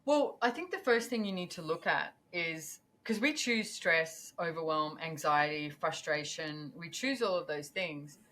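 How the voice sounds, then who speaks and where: Lively woman guest, low-pitched voice. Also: measured pace, hardly any pauses. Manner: animated, acts out her own inner voice. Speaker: podcast guest, entrepreneur. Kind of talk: casual conversational interview.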